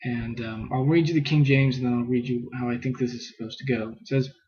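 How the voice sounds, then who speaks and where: A man's voice: medium pitch, steady tone, a little fast, darkish tone, breathy edge, lo-fi sound. A man giving a casual scripture lesson, thinking aloud with fillers and reading passages aloud. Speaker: scripture teacher.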